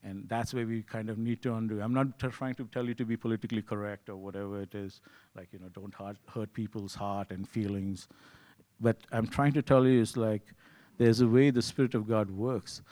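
A man's voice: fairly low pitch, flat delivery, fairly quick, warm tone. A man preaching a sermon in a conversational way, often asking "you see" and acting out his own thoughts. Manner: acts out his own inner voice in quotes.

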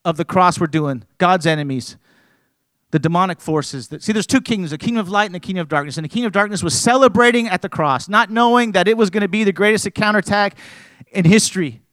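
A pastor preaching a sermon, rising to loud emphatic peaks and dropping low, often restarting his words. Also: fast talker, dry recording.

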